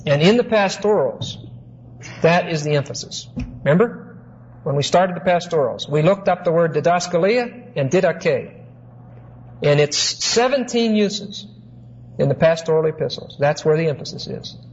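Pastor with a slightly high voice, lo-fi. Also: male voice, expressive, slightly rough. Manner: measured teaching with rhetorical questions, stretches key words slowly. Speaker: pastor teaching a Bible study. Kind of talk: expository sermon. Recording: muffled lo-fi recording with faint hiss.

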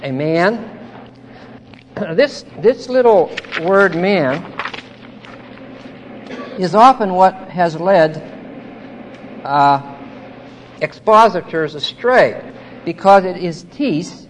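A man with a high-set voice works through a scripture passage, explaining it at an unhurried, deliberate pace. He keeps checking in with his listeners and leans hard on key words, with a faint hiss of noise behind him. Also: animated. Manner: stresses key words emphatically. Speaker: Bible teacher. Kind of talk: verse-by-verse Bible teaching.

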